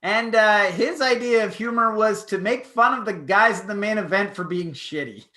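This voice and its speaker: A man with a high voice and a sharp, bright tone chats casually. He makes dry, sarcastic complaints. The room around him adds a clear echo. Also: normal speed. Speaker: podcast co-host. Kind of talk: casual chat. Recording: roomy echo.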